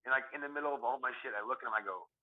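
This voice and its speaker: Fast-talking man on a tinny phone line. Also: medium pitch. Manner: profane, animated storytelling. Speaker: podcast co-host and comedian. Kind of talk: casual chat.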